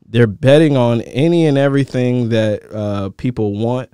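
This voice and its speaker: A man's voice: medium pitch, moderate pace, dark tone, smooth, no room sound, clean studio sound. A man co-hosting a casual talk show, rambling and searching for words with many fillers. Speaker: podcast co-host. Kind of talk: casual chat.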